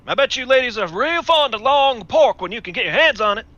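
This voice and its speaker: Guy doing flirty folksy smuggler, bright and high, kinda lo-fi dry sound. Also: lively intonation, a little fast, no room sound, heavily acted. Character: flirty swaggering male smuggler.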